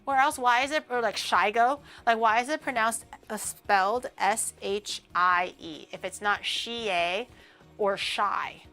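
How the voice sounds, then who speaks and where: A woman's voice: fairly high pitch, unhurried, pushed and bright, soft background music. A woman streamer chatting casually on a livestream, ranting and swearing freely with a laugh.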